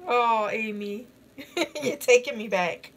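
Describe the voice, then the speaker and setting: A young woman with a higher voice chats in a relaxed, unhurried way during a face-mask session, breaking into giggles often. She talks about a movie and answers comments from her chat, and her speech is loose and full of fillers. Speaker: beauty vlogger. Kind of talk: casual chat while wearing a face mask.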